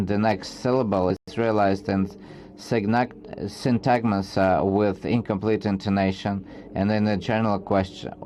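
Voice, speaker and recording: A man giving an academic research presentation, reading from slides in a halting way with frequent restarts. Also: lowish voice, darkish tone, a little hiss or hum.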